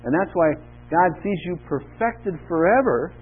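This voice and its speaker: A man preaches in church, his voice slightly high and husky. He reads verses and puts questions to the congregation, rising in pitch and volume for emphasis. The recording is tinny and narrow, like a phone line, with mains hum. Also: lively intonation, a little slow. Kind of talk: sermon with Bible reading.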